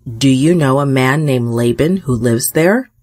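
A woman voicing a polite young man far from home, speaking gently and courteously in a children's storybook. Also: rumbling low, measured pace, no echo, clean studio sound, pitched below the performer's own voice.

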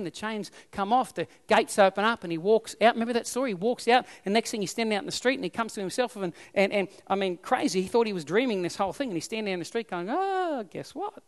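A man's voice: sits high, big-room sound. An Australian man preaching a sermon as pastor, emphatic and repeating his key phrases.

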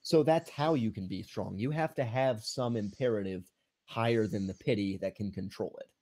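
A man reading a philosophy text aloud slowly and commenting on it in plain casual talk. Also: fairly low pitch, darkish tone. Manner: slow, measured reading, then plain remarks.

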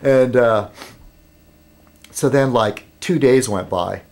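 In his home vlog, this man speaks in a mid-range voice, meandering through an offhand monologue that halts with filler words and fresh starts. Imitating others makes him noticeably more animated.

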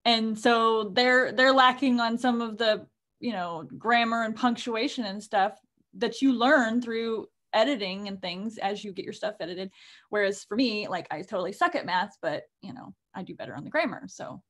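A woman's voice: a little high, normal speed, fairly bright tone. A woman author co-hosting a casual podcast, talking in a chatty, rambling way full of fillers. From United States. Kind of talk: casual chat.

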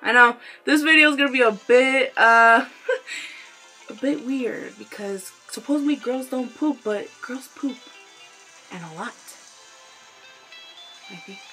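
A woman's voice: fairly high pitch, sharp tone, rough recording. A young woman vlogger telling a story in a candid, profane, chatty way, breaking into giggles often and tossing in apologetic asides. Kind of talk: casual storytelling vlog. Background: faint instrumental music.

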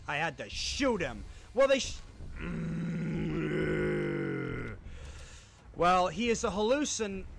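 A man streaming a horror game, swearing and reacting out loud as he plays. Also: on the high side, vocal fry, slight background noise. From United States. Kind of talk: horror game livestream commentary.

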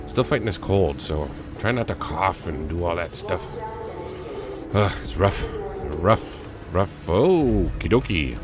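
A man with a low voice and a cold talks through his gameplay, panicking, joking, and swinging his pitch up and down with every new threat. Loud game music runs behind him the whole time. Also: animated, slow. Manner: frantic, jokey reactions. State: has a cold. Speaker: let's play gamer. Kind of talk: gaming commentary.

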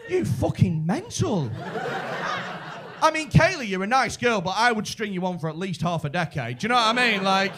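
A stand-up comedian with a Liverpool accent doing crowd work, brash, sweary and teasing. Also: male voice, high-pitched, big pitch swings, moderate pace. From Liverpool, England.

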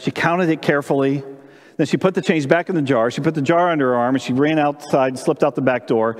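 A man preaching during a church service, telling a story in an animated way and asking the congregation questions. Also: mid-range voice, long reverb tail. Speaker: pastor. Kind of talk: sermon with storytelling. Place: church sanctuary during live-streamed service.

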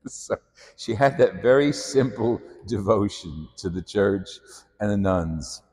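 A man's voice: fairly low pitch, slow pace, darkish tone, husky, big-room sound. A male priest preaching a sermon in a church, telling self-deprecating stories. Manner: anecdotal storytelling, self-deprecating.

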